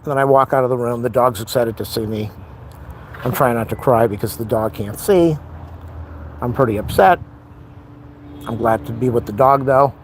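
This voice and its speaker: A man's voice: mid-range voice, normal speed, pauses often, slight background noise. A middle-aged man venting in a rambling, frustrated casual monologue on a live stream.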